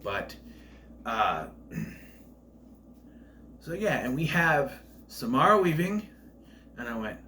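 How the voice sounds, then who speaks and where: Man, casual film review, lively swooping pitch, medium pitch, faint background hum. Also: slow, long pauses. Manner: animated, profane retelling of scenes.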